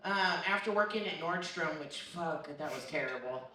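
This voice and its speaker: A woman's voice: low-pitched, lively intonation, moderate pace, bright, forceful tone. A young woman telling a crude, profane, self-mocking story at a live storytelling comedy show. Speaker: storyteller comic. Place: comedy bar stage. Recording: echoey room from far off, crowd noise. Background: laughing crowd.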